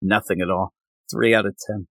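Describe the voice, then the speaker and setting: A man co-hosting a podcast, reviewing comic books in casual chat and acting out characters' lines in quick voices. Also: lowish voice, steady tone, a bit bright, slight background noise. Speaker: podcast co-host.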